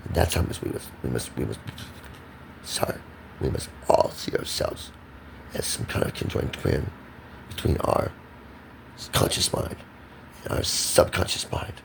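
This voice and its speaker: Man vlogger, gravelly and lively in pitch, preachy rambling delivery over a noisy background. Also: a little slow, long pauses. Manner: emphatic, repetitive, preachy. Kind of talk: rambling monologue to camera.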